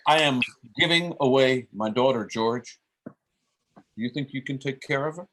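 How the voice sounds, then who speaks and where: A man playing a gentle father of the bride who calms and reassures his daughter over a video call. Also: mid-range voice, unhurried. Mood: soothing. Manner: soothing, reassuring.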